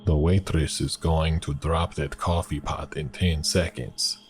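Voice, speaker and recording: A man's voice: a bass voice, steady tone, a little slow. A man voicing a mysterious male stranger with a put-on Russian accent who speaks in a cryptic, unnerving way.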